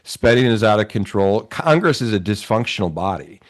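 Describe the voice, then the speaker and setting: Low-voiced man with a Wisconsin accent. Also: expressive, normal speed. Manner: earnest, argumentative commentary. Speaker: political commentator. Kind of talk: political talk show discussion.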